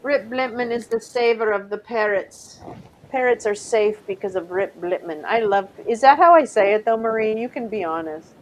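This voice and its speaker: A woman's voice: a little high, normal speed, slight background noise, poor audio. A middle-aged woman hosting a casual live stream, rambling and chatty, often laughing and trying out French words. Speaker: livestream host.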